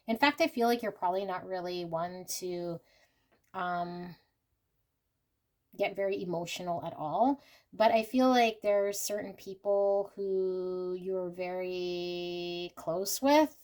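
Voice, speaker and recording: Chatty woman giving a tarot reading. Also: medium pitch. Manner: chatty and unscripted, often hedging with "I feel like"; warm and reassuring, addressing the viewer directly. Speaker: tarot reader. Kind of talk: casual pick-a-card tarot reading.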